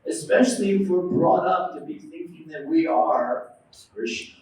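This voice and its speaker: A preacher with a high voice delivers a devotional talk in a temple hall. He tells stories, acts out the voices he quotes and keeps asking the audience questions. He is heard from some way off, in a strongly echoing room with a faint hum of ambience. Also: normal speed, creaky. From United States. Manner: lively storytelling, acting out quoted voices. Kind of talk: devotional lecture. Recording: very echoey hall, mic at a distance.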